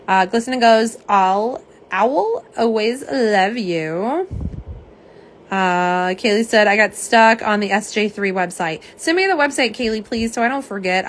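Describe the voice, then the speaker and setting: Woman on a livestream, sleepy and chatty, mid pitch, little bit of hiss behind her. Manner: chatty, reads viewer comments aloud, trails off soft and tired. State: tired. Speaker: nail polish livestream host. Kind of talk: casual live-stream chat.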